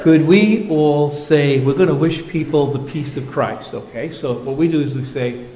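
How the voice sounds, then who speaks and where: In an echoey church sanctuary, a male pastor runs the children's moment of the service, coaxing the kids along in a playful way. His voice is mellow and on the high side, delivered at a normal speed.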